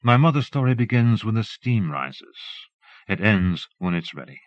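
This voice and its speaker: A man narrating an audiobook in a measured literary reading, recorded close to the mic and transferred from an old cassette. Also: on the low side, very animated, no room sound, muffled recording.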